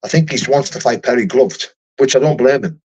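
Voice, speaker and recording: A man's voice: medium pitch, fairly quick, a little mellow, slightly rough. A profane man rambling on a livestream. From United Kingdom. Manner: rambling and profane, with many restarts. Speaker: fighter hosting a livestream. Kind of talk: casual livestream chat, answering viewer comments.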